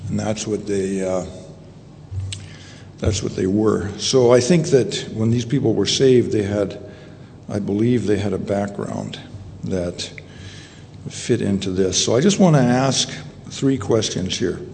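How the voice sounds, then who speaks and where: A man preaching a sermon in a meeting hall, speaking in a halting way with many fillers and restarts. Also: on the low side, vocal fry, mellow. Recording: long echo in a hall, faint ambient noise.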